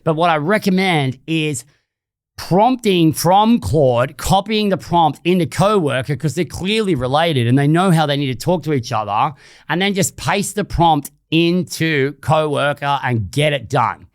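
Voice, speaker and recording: A man's voice: fairly high pitch, expressive, measured pace. A man with an Australian accent hosting an unscripted solo podcast, talking casually and bluntly, with some swearing. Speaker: podcast host.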